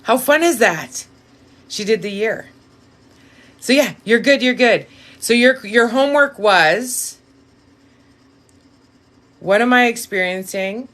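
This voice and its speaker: A woman doing a casual live-stream reading, talking straight to viewers, blunt and swearing freely, with sudden lifts of excitement and quiet asides. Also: on the high side, takes it slowly, long pauses. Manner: bursts of excitement, then drops to a quiet aside. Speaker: live-stream tarot reader.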